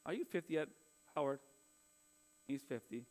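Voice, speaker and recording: A man's voice: a little high, moderate pace. A man, preaching a sermon in an earnest, conversational way and weaving in personal stories. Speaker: pastor.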